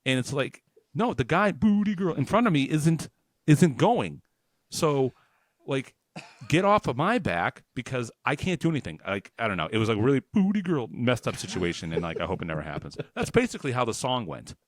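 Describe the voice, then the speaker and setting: A man's voice: medium pitch, very animated, brisk, no echo. A man co-hosting a comedy podcast, rambling through a story with swearing and laughter. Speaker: podcast co-host. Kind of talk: casual comedic chat.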